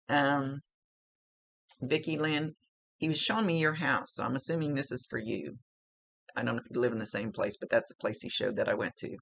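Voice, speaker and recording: With a rumbling low, gravelly voice, this middle-aged woman delivers a recorded psychic reading. Her manner is talkative, emotional and blunt, with plenty of swearing.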